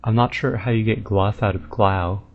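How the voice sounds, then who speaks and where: A man giving casual, relaxed commentary on a video game, thinking aloud and sounding out unusual names slowly. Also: on the low side. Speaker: video game guide maker. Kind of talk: casual commentary over gameplay. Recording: dull lo-fi mic with faint hiss.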